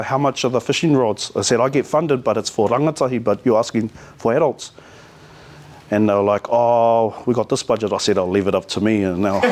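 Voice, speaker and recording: Casual NZ-accented man, middle-aged, easygoing storyteller at a community talk. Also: mid-range voice. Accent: New Zealand. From New Zealand. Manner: relaxed, storytelling with te reo Māori words. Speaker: community speaker.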